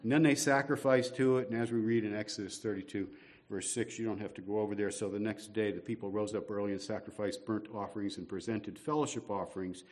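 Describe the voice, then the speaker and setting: A man's voice: fairly low pitch, steady tone, quick pace, darkish tone. A man in the middle of a sermon, talking to his church plainly and conversationally. He asks the congregation rhetorical questions and pokes fun at himself as he goes. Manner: conversational, self-deprecating humor, rhetorical questions. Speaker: guest preacher.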